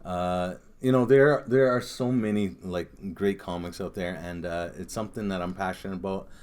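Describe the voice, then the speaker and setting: A man co-hosting a casual chat about favorite comedians, laid-back and quick to laugh. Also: sits low, steady tone, clean tone. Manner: laid-back, laughs often, does loud impressions of comedians. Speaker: podcast co-host.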